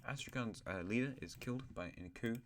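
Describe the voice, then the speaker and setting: A man's voice: medium pitch, fast talker, a little hiss or hum. A male host casually narrating an alternate-history map, rambling with asides and correcting himself.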